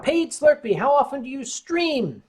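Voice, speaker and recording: A man's voice: extremely high pitch, very animated, measured pace, a little mellow. A man hosting a casual livestream, reading out chat comments and answering with wry, rambling jokes while tipsy on wine. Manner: wry, joking, rambling storyteller.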